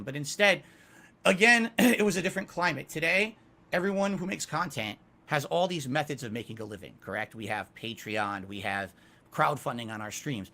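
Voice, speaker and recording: Guest: middle-aged man, a bit high and bright, emphatic, owns his mistakes. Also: fairly quick. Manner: self-critical, emphatic and animated. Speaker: interview guest. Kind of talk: candid interview answers.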